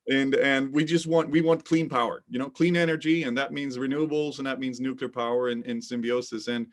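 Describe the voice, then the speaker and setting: A man from Sweden, a company co-founder answering interview questions in a halting way, often repeating words before he finds them. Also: medium pitch, steady tone.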